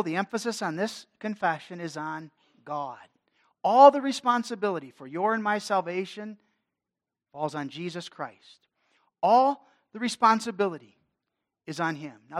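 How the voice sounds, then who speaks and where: Male pastor, sermon delivery, dynamic swells and hushed drops. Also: high voice. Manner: dynamic preaching, swelling and dropping in force.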